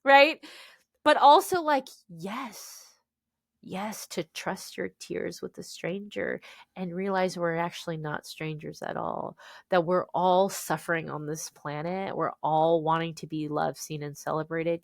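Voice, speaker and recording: A woman in her thirties from the United States, an author telling stories as a guest on a podcast interview in an animated, expressive way. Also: lowish voice, unhurried, gravelly, no echo, studio quality.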